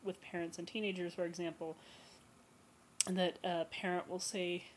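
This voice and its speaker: A woman's voice: lowish voice, normal speed, slight background noise, poor audio. Woman counselor explaining on her vlog. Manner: relaxed, conversational and explanatory. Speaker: eating disorder recovery counselor. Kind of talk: educational vlog talk.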